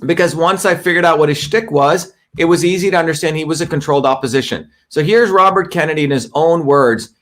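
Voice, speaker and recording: A middle-aged man runs a live online show, delivering a livestream monologue in a fairly high, fairly bright voice. He is emphatic and combative, drilling the same points repeatedly and cursing once he gets worked up.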